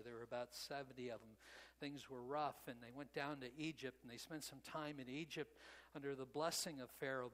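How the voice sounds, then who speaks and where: A man's voice: mid-range voice, a bit bright, long reverb tail, poor audio. A man preaching a sermon, retelling the story in a conversational way with frequent "you know" asides. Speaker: pastor.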